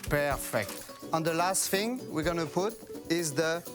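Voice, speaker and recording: A man with a French accent, a chef, explaining a dish in halting English and pausing to find his words. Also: fairly high pitch, animated, music in the background. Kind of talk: cooking demonstration chat.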